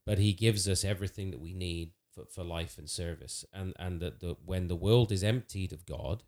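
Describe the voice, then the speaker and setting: A man with a fairly low voice speaks earnestly in a relaxed theological conversation. He restarts phrases and uses fillers as he thinks aloud. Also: normal speed.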